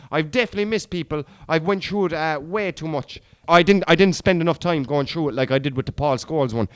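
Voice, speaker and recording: A man talking through a casual podcast monologue in a fairly high, smooth, resonant voice. He is blunt and opinionated, swears without a second thought, and rambles with restarts. The sound is dry and close. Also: no echo. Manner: rambling, with frequent fillers and restarts. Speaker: podcast host.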